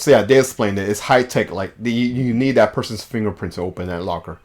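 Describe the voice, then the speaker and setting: A man's voice: lowish voice, a little fast, few pauses, a little hiss or hum. A man streaming a game, reading its dialogue aloud and laughing often. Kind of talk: casual game let's play.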